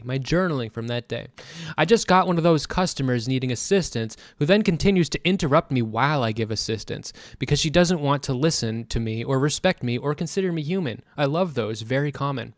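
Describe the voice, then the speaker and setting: A man's voice: medium pitch, a little fast, no echo, studio quality. A man streaming, chatting casually in a profane, ranting way. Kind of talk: casual chat.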